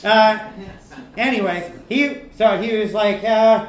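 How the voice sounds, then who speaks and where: A man's voice: sits high, moderate pace, slight background noise. A man doing a stand-up set in a comedy club, talking casually and profanely, often asking "right?". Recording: echoey club room.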